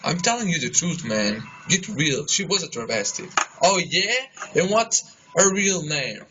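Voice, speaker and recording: A man's voice: a little high, sing-song, unhurried. A man playing a sarcastic, teasing friend. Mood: mocking. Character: skeptical young male friend, mocking. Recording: dull, noisy amateur audio.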